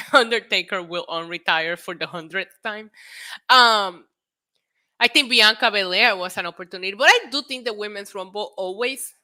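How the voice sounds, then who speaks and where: A woman with a New York accent hosts a loose wrestling news stream and reads viewer comments as she goes. Her voice is bright and forceful, at a middle pitch. She swears casually and often breaks into laughter. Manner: chatty, swears freely, laughs often, reads chat aloud. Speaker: wrestling talk show host. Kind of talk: casual livestream chat reading news and chat.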